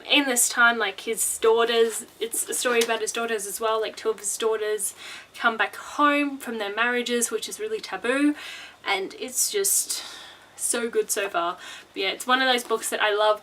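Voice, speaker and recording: Bubbly high-voiced woman book vlogger. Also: pushed and bright, low-quality recording. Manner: chatty, bubbly, with laughs and restarts. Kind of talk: casual book chat.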